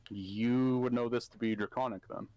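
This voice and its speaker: A man's voice: medium pitch, steady tone, moderate pace, clear, resonant tone, dull audio. A man narrating as game master for a tabletop game, hesitant and full of fillers.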